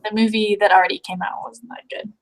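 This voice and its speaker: Relaxed woman trailing off mid-thought. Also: medium pitch, fast talker, gravelly, low-quality recording. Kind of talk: casual chat.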